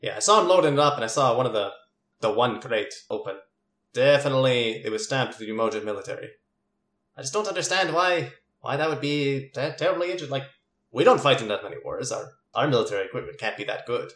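A man's voice: medium pitch, lively intonation, fast talker, a bit bright, natural voice. A sneaky, eager young man who rambles and trips over his own sentences, as a man plays him. The voice sits in a roomy, echoing space. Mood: puzzled. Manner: rambling, hesitant, full of restarts. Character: young male cousin, sneaky, eager, chatty. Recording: roomy echo.

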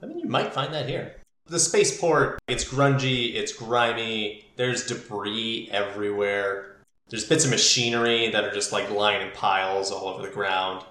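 A man's voice: lowish voice, moderate pace, pushed and bright. A man narrating as game master, loose and rambling, with frequent fillers. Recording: roomy echo.

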